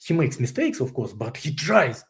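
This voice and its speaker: Russian-accented man, non-native English speaker, candid interview guest, halting delivery with frequent laughs. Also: a little high, sing-song, background noise. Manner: halting, searches for English words, laughs often. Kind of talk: candid personal story.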